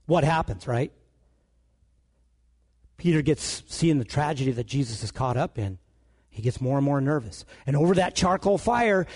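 Animated gravelly male preacher. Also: high-pitched. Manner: animated storytelling, acting out dialogue. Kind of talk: sermon.

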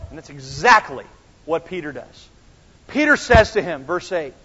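A man preaching a sermon as pastor, animated and swinging between quiet and loud, acting out the dialogue himself. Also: a little high, moderate pace, slightly rough. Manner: animated, acts out dialogue with big swings in loudness. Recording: dull sound with long church reverb.

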